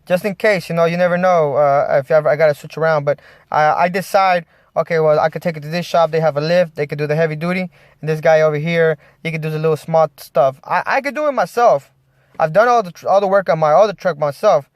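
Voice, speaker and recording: A man's voice: on the high side, steady tone, quick pace, no echo. Rambling man with a dry close sound. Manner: rambling, many restarts. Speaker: vlogger. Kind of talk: casual rant to camera.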